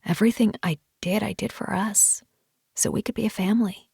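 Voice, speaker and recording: A woman voicing a rough-voiced man who teases and adores his wife, in an audiobook. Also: moderate pace, no echo, studio quality. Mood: earnest. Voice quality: low rough voice. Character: rough-voiced grown man, teasing and devoted husband.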